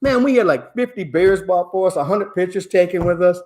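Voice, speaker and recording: A man's voice: high voice, brisk, darkish tone. A man in his sixties telling a rowdy, profane story in a casual podcast chat. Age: 60s.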